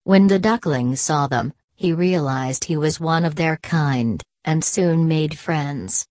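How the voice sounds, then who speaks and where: Fairy-tale narrator: woman, deep and unhurried, dry booth sound. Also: darkish tone, no room sound. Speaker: storyteller. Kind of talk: scripted storybook narration.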